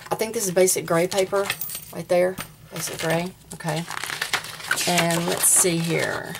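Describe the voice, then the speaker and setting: A woman's voice: lowish voice, fairly even intonation, unhurried, creaky, heavy background noise. A woman in her forties with a Southern US accent, chatting casually as she shows off a handmade craft journal and talks straight to viewers. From American South. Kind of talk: casual show-and-tell vlog.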